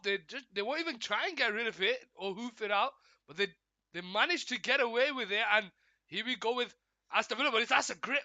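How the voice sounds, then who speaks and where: A man hosting a live football watchalong, giving chatty play-by-play commentary in a slightly croaky voice from a cold, often greeting viewers and correcting himself. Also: extremely high pitch, fairly quick, bright, forceful tone, no room sound, highs cut off.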